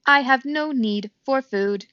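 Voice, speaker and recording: A woman voicing a calm, polite female robot who speaks in a formal, measured way in a storybook reading. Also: high voice, no echo, voice pushed up, exaggerated voice. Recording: dull dry recording.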